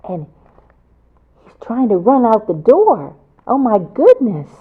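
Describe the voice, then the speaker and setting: A woman's voice: fairly high pitch, huge pitch swings, takes it slowly, a little hiss or hum. A woman reading a picture book aloud to children as a storyteller, with chatty asides about the pictures. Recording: tinny phone-like sound.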